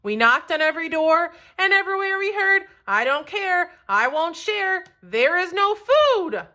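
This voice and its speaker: A woman's voice: very high voice, big pitch swings, unhurried, pushed and bright, voice pushed up, full character voice. A woman voicing two cheerful traveling cooks who chant in a sing-song way in a storybook read-aloud. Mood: eager.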